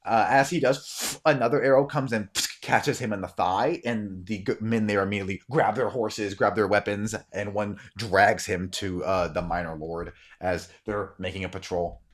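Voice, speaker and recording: A man's voice: lowish voice, steady tone, moderate pace. A man narrating as game master in a tabletop role-playing game, telling the scene loosely with many ums and sniffs.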